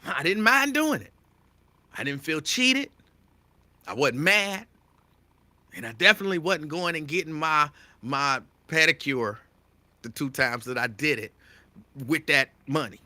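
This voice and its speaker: Addressing his audience directly as "y'all," a male talk show host hammers home his opinions with animated emphasis and lots of repetition. His slightly high voice moves a little slowly, with long pauses, and the recording has no echo.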